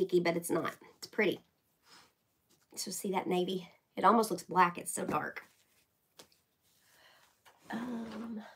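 A woman with a medium-pitched, sharp-toned voice hosts a casual live craft stream, chatting with viewers by name as she paints. The recording is rough.

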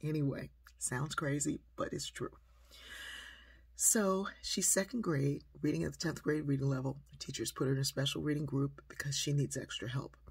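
Woman storyteller: breathy, raspy, gravelly voice, conversational and lively. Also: deep voice, normal speed, no echo. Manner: lively, conversational, acts out quotes. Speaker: speaker, storyteller. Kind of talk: personal storytelling.

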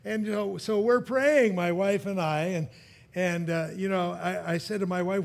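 High-voiced male preacher telling a story. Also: normal speed, gravelly. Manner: storytelling, chuckling at his own jokes, frequent restarts. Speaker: pastor. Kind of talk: sermon with personal story.

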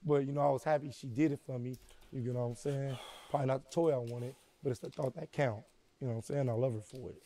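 Gravelly-voiced man telling a hard story. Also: medium pitch, fairly even intonation, warm tone. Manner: slow and subdued, repeats "you know what I'm saying". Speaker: interview guest. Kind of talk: personal storytelling in an interview.

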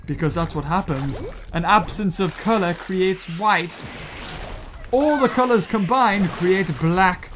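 A man hosting a gaming video, chatting and joking excitedly to his viewers while he plays. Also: high-pitched, slow pace. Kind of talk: let's play commentary.

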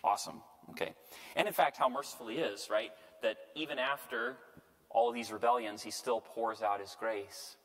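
Male priest, mid-pitched, playful Bible teacher, heard with long hall reverb. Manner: lively and joking, tags lines with "right?" and acts out quotes. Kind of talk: casual Bible lecture.

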